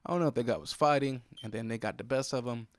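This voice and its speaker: Speaking fast at a medium pitch, this young podcast host rants alone into a close mic, swearing and airing his irritations in a casual monologue. The studio sound is clean, with no room sound.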